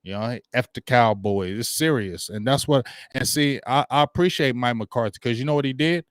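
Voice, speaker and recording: Guy on his sports livestream, hyped up, lots of slang, shouting out chat names, dry mic. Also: medium pitch, normal speed, dry recording. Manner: hyped, slangy, greets viewers by name. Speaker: sports talk livestream host.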